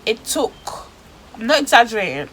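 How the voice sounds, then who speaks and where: A woman tells a story on her vlog, her voice sitting a little high. She talks in heavy street slang and plays up every twist for drama. A faint hum of room ambience sits under her voice. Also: big pitch swings, moderate pace, fairly bright tone, rough recording. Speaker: vlogger.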